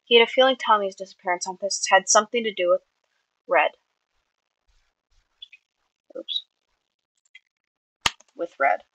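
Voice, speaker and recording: A woman's voice: medium pitch, a little slow, pauses often, a bit bright, dry recording, poor audio. Woman reading her story, plain, little slips, dry close sound. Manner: plain reading with small slips and self-corrections. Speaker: fiction reader. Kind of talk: reading her own fan fiction aloud.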